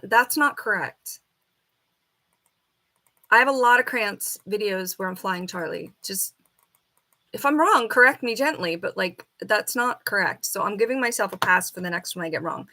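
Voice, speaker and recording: A woman on a casual live stream, reading quiz questions aloud and arguing with the answers, and now and then talking softly to her bird. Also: mid-range voice. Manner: chatty, reads questions then argues with the answers. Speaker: falconer streamer.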